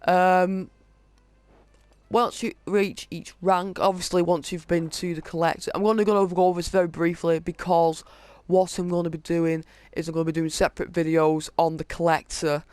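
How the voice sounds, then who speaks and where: A man hosting a gaming video, casually reading through a list of in-game items with many halting fillers. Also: on the high side, level tone, smooth, dry recording. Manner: reads off item lists, halting with frequent fillers. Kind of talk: casual game walkthrough commentary.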